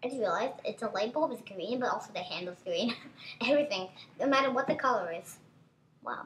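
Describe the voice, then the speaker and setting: A woman giving excitable, chatty gameplay commentary as a gaming channel host, constantly exclaiming at what happens on screen. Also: a little high, fast, a little hiss or hum.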